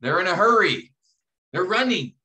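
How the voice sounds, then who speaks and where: A man lecturing to a class, walking students through an assignment step by step, restarting phrases and slowing down to read verses aloud. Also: high voice, big pitch swings, bright, forceful tone, rough recording. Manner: explanatory, repeats and restarts phrases, reads verses slowly. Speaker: instructor.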